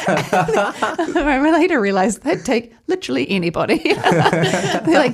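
A woman's voice: medium pitch, big pitch swings, a little slow, breathy edge. Wry laughing New woman. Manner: wry, laughs through her stories, acts out quotes. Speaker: guest comedian. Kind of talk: casual chat, storytelling.

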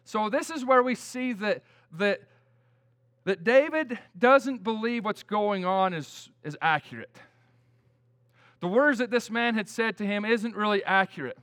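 A man's voice: sits high, unhurried, fairly bright tone. A middle-aged man preaching a conversational sermon, plain-spoken and folksy, telling stories with frequent restarts.

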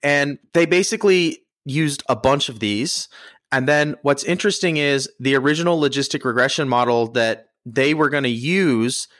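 A man's voice: medium pitch, normal speed, fairly bright tone, no room sound. A man from the United States co-hosting a podcast, explaining things in a laid-back, jokey, plain-spoken way on a close mic. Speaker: podcast co-host. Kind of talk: casual explanatory discussion.

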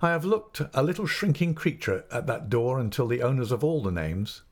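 A man narrating a classic novel in a measured, expressive reading voice. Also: medium pitch.

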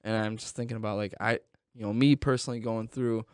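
A man's voice: fairly low pitch, fairly even intonation, quick pace, smooth, no room sound, studio quality. Laid-back man saying "dude" a lot. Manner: laid-back, swearing, says "dude" often. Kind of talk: casual storytelling chat.

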